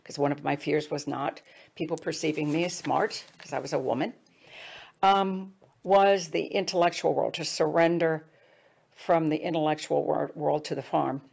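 A middle-aged woman earnestly telling a personal story, her voice dropping hushed at tender moments. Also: sits low, fairly even intonation, moderate pace, creaky, slightly rough. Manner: earnest, drops to hushed tones for quoted advice. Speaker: speaker.

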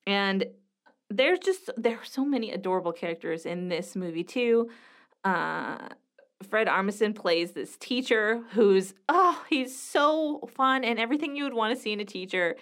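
A woman's voice: medium pitch, a bit bright. A woman, a mother in her thirties, chatting casually and enthusiastically about a film she watched, with frequent fillers. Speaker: mom movie reviewer. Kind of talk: casual movie review chat.

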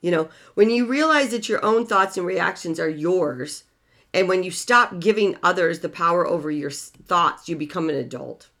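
A woman relationship coach giving an unscripted advice monologue, emphatic, repeating key words and swinging from soft to loud. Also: fairly low pitch, lively intonation, normal speed.

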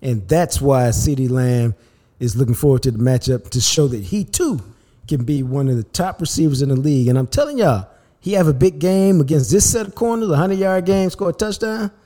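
A man hosting a sports podcast in a casual, animated, slangy style. His voice is warm and relaxed, pitched in the ordinary middle range for a man. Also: brisk.

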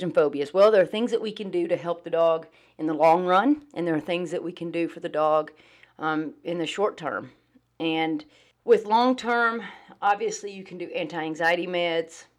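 A woman hosting a dog-training podcast, talking in a relaxed, chatty way with many ums and uhs. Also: fairly low pitch. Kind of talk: casual podcast talk.

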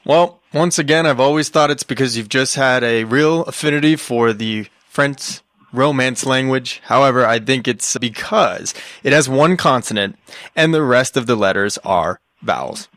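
A man's voice: medium pitch, normal speed, a bit bright, dry recording. A man co-hosting a podcast, explaining things step by step with dry humor. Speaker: podcast co-host. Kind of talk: casual banter.

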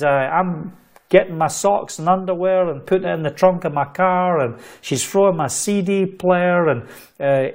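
A middle-aged man delivers a livestreamed sermon with fervent conviction. His voice sits a little high, and he tells stories while repeating phrases for emphasis. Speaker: preacher.

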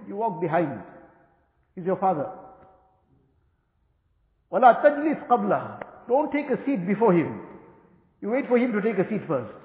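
A man giving a religious lecture as an Islamic teacher, explaining in a measured way, restating each point and reciting Arabic passages. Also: high-pitched. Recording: tinny, echoey hall recording.

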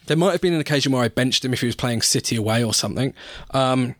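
A man's voice: medium pitch, fast talker, a bit bright, no room sound, studio quality. A man co-hosting a casual sports podcast, chatting and joking. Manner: banter, swears casually. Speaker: podcast co-host.

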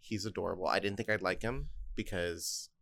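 A man's voice: low voice, brisk, creaky, a bit bright. A man co-hosting a casual podcast chat, campy and joking.

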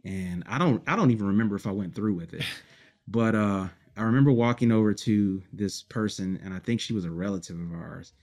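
Quiet chuckles break up the old memories this Detroit-born musician shares as an interview guest. His fairly low voice moves at a relaxed pace, and he rambles, starts over and pads pauses with ums and "you know." The conversation is casual throughout.

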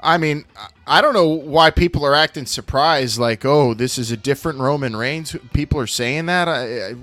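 A man co-hosting a casual wrestling podcast, loud and excitable, repeating catchphrases. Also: on the high side, normal speed, faint music behind. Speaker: podcast co-host.

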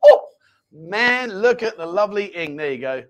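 High-ish voiced guy rambling and joking on a live chat stream, small home studio. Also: expressive, fast talker. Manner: jokey and rambling, reads viewer comments aloud. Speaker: host.

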